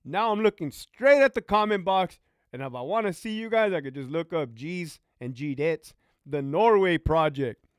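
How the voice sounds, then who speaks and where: Male streamer, high lively voice, dry close sound, animated and profane. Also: normal speed, smooth, dry recording. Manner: animated, profane, reads out viewer comments. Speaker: livestream host, former prison officer. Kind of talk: casual livestream chat.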